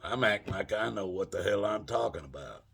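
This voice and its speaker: A man's voice: fairly low pitch, animated, a little fast, vocal fry, a bit bright, husky. A middle-aged man casually telling a rambling, profane story and calling his listeners folks. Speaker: channel host telling a story.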